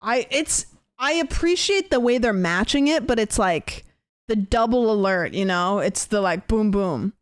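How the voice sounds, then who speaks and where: A woman's voice: mid-range voice, lively intonation, unhurried, no room sound, clean studio sound. A young woman streaming, chatting casually and mocking herself with frequent laughs. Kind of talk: casual chat. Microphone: desk mic.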